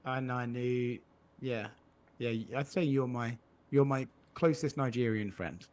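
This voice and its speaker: Podcast co-host: dry, teasing guy, mid-pitched. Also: unhurried, a little mellow. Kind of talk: casual chat.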